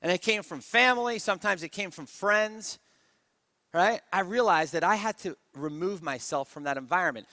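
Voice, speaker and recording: High, bright-voiced man telling a story on stage. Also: no echo, studio quality. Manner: energetic storyteller who keeps asking the crowd. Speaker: network marketing speaker. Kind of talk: motivational stage talk.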